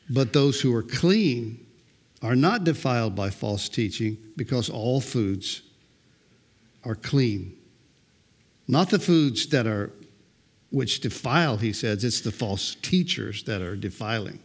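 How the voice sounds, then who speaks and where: A man's voice: medium pitch, lively intonation, slow pace, long pauses. Older male pastor preaching casually. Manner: conversational preaching with frequent repeated words. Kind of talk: sermon.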